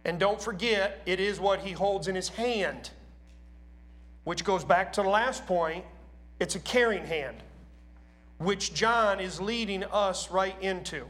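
A man's voice: high-pitched, takes it slowly, fairly bright tone. A man preaching a sermon in a church, talking casually and asking his congregation questions.

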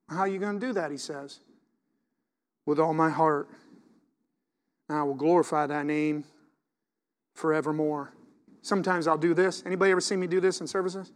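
Middle-aged man, pastor, high-pitched and animated, reads scripture and preaches with swings from loud to soft. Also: normal speed, pauses often, long reverb tail. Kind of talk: sermon.

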